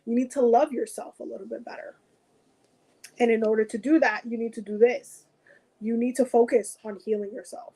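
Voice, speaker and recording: Warm, mellow woman giving a card reading. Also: fairly high pitch, fairly even intonation, normal speed, rough recording. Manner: addresses viewer directly, repeats points, frequent "okay?". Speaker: tarot reader. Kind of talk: spoken oracle card reading.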